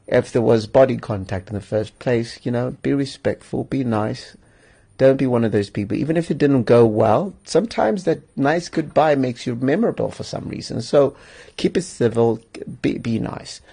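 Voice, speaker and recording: A man's voice: medium pitch, creaky, mellow, slightly rough. A man hosting a solo podcast, giving advice in an emphatic, joking way and chuckling often. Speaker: podcast host.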